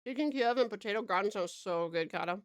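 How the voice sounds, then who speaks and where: A woman's voice: medium pitch, expressive, fast. A woman with an Australian accent chatting casually on a live stream, giggling and eating as she talks. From Tasmania, Australia.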